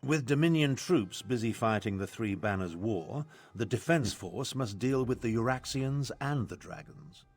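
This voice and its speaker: An actor playing a pompous, self-important older imperial battle mage in a video game, lecturing with an air of superiority. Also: male voice, medium pitch, expressive, a little slow, hardly any pauses. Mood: explaining.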